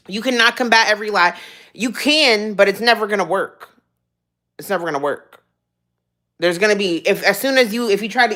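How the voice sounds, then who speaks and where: A woman's voice: mid-range voice, a bit bright. A young woman streamer ranting casually on a livestream, swearing freely, rambling and laughing often.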